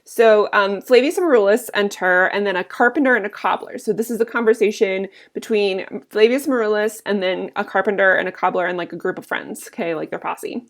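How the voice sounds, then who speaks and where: Brief: woman teacher, relaxed classroom explainer, mid pitch. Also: brisk, few pauses. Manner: casual, explanatory, many fillers. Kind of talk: recorded lesson explaining a play.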